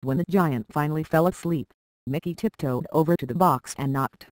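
A narrator reading a children's storybook aloud with a steady, even delivery. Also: medium pitch, moderate pace, no room sound, poor audio.

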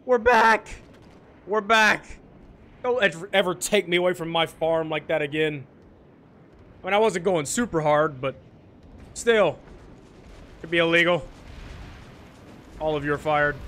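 A man streaming a shooter game, chatting casually and jokingly, with sudden excited outbursts. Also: on the high side, normal speed, long pauses. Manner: excitable, joking, bursts into shouts. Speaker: gaming streamer. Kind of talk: casual gameplay commentary.

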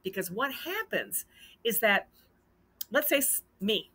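Bright-voiced woman telling a story. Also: mid-range voice, slow, husky. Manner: animated, acts out quoted dialogue. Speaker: host. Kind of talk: casual storytelling vlog.

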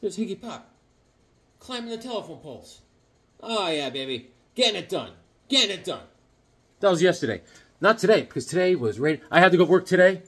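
A husky-voiced man in his fifties, sitting a little high in pitch, talks about comics in a loose, rambling, joking way. His voice jumps up and down a lot as he gets excited. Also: a little fast, pauses often. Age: 50s. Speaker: comic book vlogger. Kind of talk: casual chat to camera.

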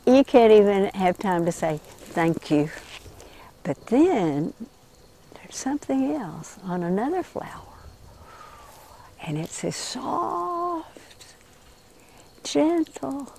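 A woman leading children through an interactive insect story, telling them how to move and what to say, slowing and hushing for the gentle parts. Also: mid-range voice, gravelly, a little hiss or hum. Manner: animated, slows and drops to a hush for gentle moments.

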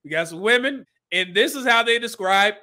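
Commenting on clips during his livestream, this host is blunt and preachy and laughs from time to time. He talks at a normal, expressive speed in a high, bright voice with a forceful edge.

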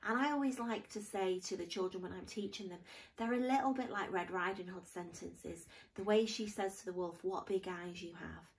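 A woman's voice: medium pitch, fairly quick, distant mic, rough recording. A woman teaching a grammar lesson to pupils, patiently explaining step by step with examples.

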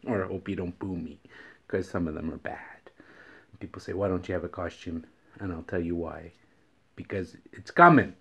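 Low-voiced man chuckling through dad jokes. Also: darkish tone. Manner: repeats each riddle, chuckles at his own punchlines. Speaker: host. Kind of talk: daily joke-telling vlog. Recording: dull lo-fi recording.

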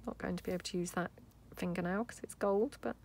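Chatty woman with a gravelly low voice. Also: fast, slight background noise. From United Kingdom. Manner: chatty, thinking aloud while working, soft asides. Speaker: craft video host. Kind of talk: casual crafting tutorial talk.

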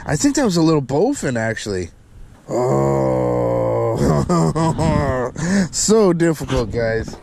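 A man filming a fishing vlog outdoors by a canal, talking to viewers and getting loud and excited whenever a fish bites. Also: mid-range voice, slow, gravelly, a little hiss or hum. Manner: excitable, talks to viewers as "guys", shouts and laughs when a fish bites. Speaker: fishing vlogger.

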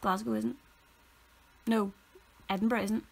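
A woman's voice: mid-range voice, flat delivery, a little slow, gravelly, darkish tone, slightly rough. A young woman co-hosting a casual podcast who mostly chimes in with dry, brief remarks. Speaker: podcast co-host. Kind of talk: casual chat.

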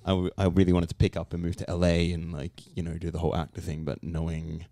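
A man's voice: low-pitched, level tone, quick pace, mellow, no echo. A male actor from England with a British accent, a podcast guest giving laid-back, dry replies. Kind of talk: casual chat.

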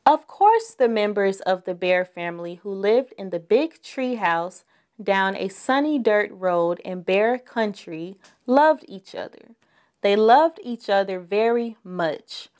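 A woman's voice: medium pitch, expressive, slow, darkish tone, clean tone. A woman reading a picture book aloud to young children, stopping to ask them questions. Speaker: children's storyteller.

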